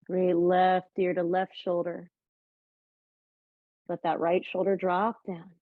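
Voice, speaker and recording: A woman's voice: lowish voice, level tone, takes it slowly, no echo, narrow, tinny audio. A woman teaching a yoga class, guiding poses in an upbeat, playful way and sometimes talking while holding a pose herself. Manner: upbeat and playful, with light jokes. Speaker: yoga instructor. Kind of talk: guided yoga class instruction.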